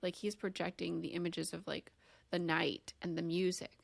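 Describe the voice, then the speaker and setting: Low-voiced woman co-hosting a chatty podcast. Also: level tone, moderate pace, gravelly, dry recording. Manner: giggly, acts out characters' lines. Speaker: podcast co-host. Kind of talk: casual chat recapping a book.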